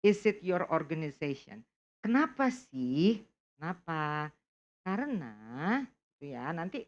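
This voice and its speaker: A woman's voice: deep voice, sing-song, unhurried, muffled recording. A woman with an Indonesian accent teaching a test prep class, asking students questions and mixing in chatty asides.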